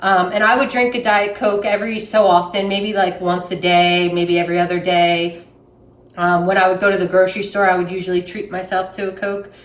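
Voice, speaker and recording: Making a sandwich in her kitchen, a young Southern US vlogger talks casually in a plainspoken, chatty way with many fillers. She speaks fairly quickly in a lowish voice with little pitch movement, picked up by a distant mic in an echoey room.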